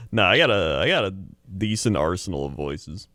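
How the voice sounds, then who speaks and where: A man's voice: low voice, big pitch swings, moderate pace, bright, forceful tone, dry recording, studio quality. A man co-hosting a podcast in casual chat, rambling and laughing a lot. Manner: laughs often, rambling, does voices. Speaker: podcast co-host.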